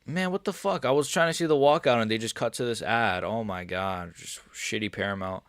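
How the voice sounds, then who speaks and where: A man with a lowish, gravelly voice chats loosely with his viewers, swearing freely and wandering from thought to thought. The sound is dry and close, with no room around it. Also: normal speed, fairly bright tone, dry recording. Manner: profane, rambling, talks straight to chat. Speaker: MMA livestreamer. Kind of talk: casual livestream chat reacting to viewers.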